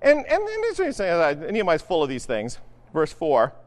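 Animated high-voiced preacher in a reverberant hall. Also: male voice, moderate pace. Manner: conversational, keeps asking "right?". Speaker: pastor. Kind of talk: sermon.

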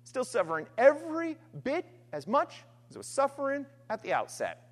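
A woman preaching a sermon, earnest and emphatic, alternating forceful stress with quiet, trailing phrases. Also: high-pitched, wildly swooping pitch, normal speed. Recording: long hall reverb.

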